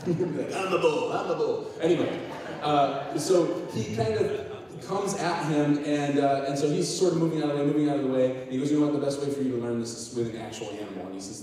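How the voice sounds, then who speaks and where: A man's voice: medium pitch, warm tone. A man giving a sermon-style leadership talk to a youth ministry gathering, telling a story animatedly and acting out the voices of the people in it. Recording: echoey hall, distant mic.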